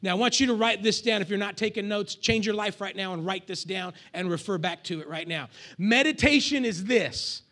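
A male pastor preaching a lively sermon to his congregation, with call-and-response and acted asides. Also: sits high, brisk, hardly any pauses.

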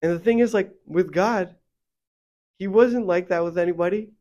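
A man's voice: high-pitched, normal speed, lo-fi sound. A young man co-hosting a faith podcast, talking casually and rambling with many fillers, getting heated when he vents. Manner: rambling, filler-heavy, animated when venting. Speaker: podcast co-host.

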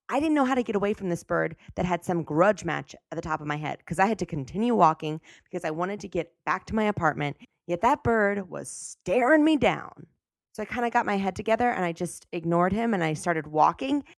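A woman's voice: fairly low pitch, vocal fry, no echo, studio quality. A woman hosting a comedy podcast, playful and self-mocking as she tells funny true stories. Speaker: podcast host. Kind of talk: comedy podcast intro and storytelling.

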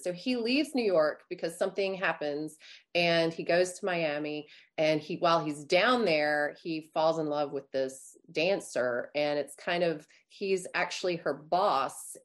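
Chatty woman, lowish voice. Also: measured pace. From Louisiana, USA. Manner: chatty storyteller, many fillers and asides. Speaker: guest author. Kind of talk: casual interview chat.

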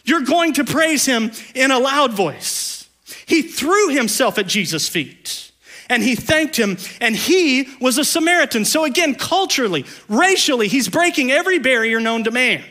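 Very animated and moderately paced, a pastor delivers his sermon, going hushed and low at moments and loud at others, and tossing in playful chatty asides.

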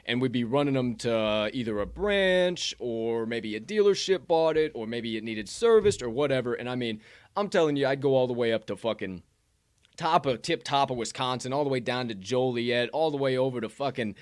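A young man from Illinois, telling stories in casual chat, swearing heavily and bursting out loudly when excited. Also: medium pitch, normal speed, dry recording, clean studio sound. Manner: animated storyteller, heavy swearing, loud bursts when excited.

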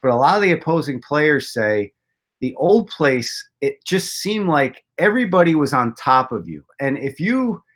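A man's voice: fairly high pitch, very animated, moderate pace, a bit bright. A man chatting about baseball, telling long rambling stories with self-deprecating jokes. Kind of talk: casual chat.

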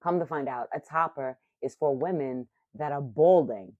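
Low-voiced woman in her thirties, swearing. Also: normal speed, no room sound. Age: 30s. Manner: profane, animated and self-mocking. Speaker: vlogger. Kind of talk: casual storytelling to camera. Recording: muffled lo-fi audio.

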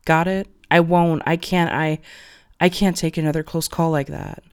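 A man voicing a hot-tempered young male hero, talking in rough, clipped, swearing bursts. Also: on the high side, steady tone, moderate pace, no room sound, studio quality. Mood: desperate.

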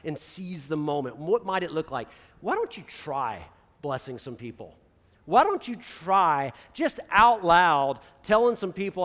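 Fast-talking pastor, high voice. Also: male voice, very animated, a bit bright. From United States. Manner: talks very fast, crams ideas together; casual, peppered with "right?". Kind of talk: conversational sermon. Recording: long reverb of a large hall.

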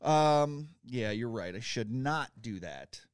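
A man's voice: medium pitch, animated, slow pace, clean tone, dry recording, studio quality. A middle-aged man co-hosting a podcast in casual banter, playful and rambling as he tells stories. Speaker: podcast co-host.

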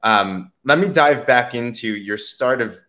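A man's voice: medium pitch, a little slow, sharp tone. A man hosting a podcast interview, speaking in an affirming, encouraging way with frequent murmured agreement. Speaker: podcast host. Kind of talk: casual faith-based interview talk.

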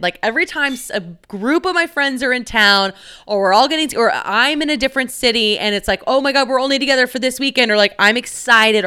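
A young woman chats on her own podcast in a loose, filler-heavy way, swearing freely and giggling through her stories. Her voice is bright and smooth, with a clean, clear tone. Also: mid-range voice. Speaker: podcast host. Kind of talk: casual solo podcast chat.

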